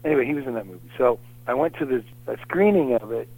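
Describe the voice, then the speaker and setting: A man's voice: medium pitch, fast talker, low-quality recording. A middle-aged man telling anecdotes in a casual, rambling way as an interview guest. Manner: animated, rambling anecdotes with lots of fillers.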